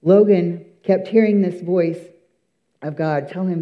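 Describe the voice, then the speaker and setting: A man's voice: high voice, normal speed, muffled recording. A man giving an earnest, emphatic church testimony, telling his story with many fillers and restarts.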